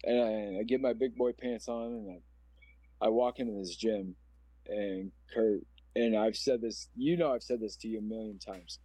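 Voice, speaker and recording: Speaking as a podcast guest, an Omaha, Nebraska man in his forties tells his own story in an emotional, earnest, wandering way. His voice is lowish and dark with a steady tone and moderate pace, on a dry recording.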